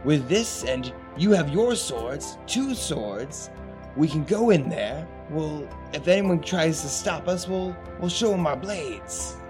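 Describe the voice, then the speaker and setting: A man's voice: fairly high pitch, animated, slow pace, over music. A man voicing an anxious, eager middle-aged father who stammers earnestly, in a tabletop game.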